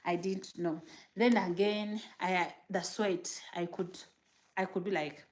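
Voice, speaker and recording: A woman from Uganda, chatting casually on a livestream as a new mother, rambling and animated while reading viewer comments. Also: fairly low pitch, takes it slowly, a little hiss or hum.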